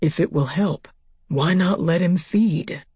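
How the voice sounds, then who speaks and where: A woman voicing a calm, watchful young man in a storybook reading, speaking in a measured, steady way. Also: fairly high pitch, slightly rough, dry recording, studio quality, full character voice. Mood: steady concern.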